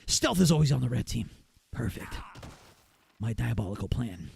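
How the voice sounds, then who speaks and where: A man voicing a scheming male gamer plotting like a villain, in a low muttering voice. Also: sing-song, normal speed, vocal fry, darkish tone, breathy edge, heavily acted.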